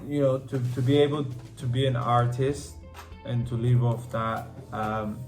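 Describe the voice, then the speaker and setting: A man's voice: mid-range voice, steady tone, unhurried, darkish tone. Curious male podcast host. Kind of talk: casual podcast chat. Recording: roomy room with faint music.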